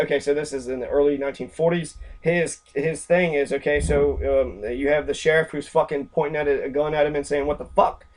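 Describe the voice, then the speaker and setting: A man reading a book passage aloud and commenting on it casually, rambling and swearing, with many fillers. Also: mid-range voice. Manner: acts out quoted characters in brief voices.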